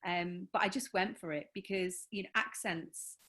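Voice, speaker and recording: A woman's voice: on the low side, steady tone, moderate pace, a bit bright. A woman with a Liverpool accent, chatting enthusiastically as a guest author on a video call, with lots of fillers. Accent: Liverpool (Scouse). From Liverpool, England. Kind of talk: casual interview chat.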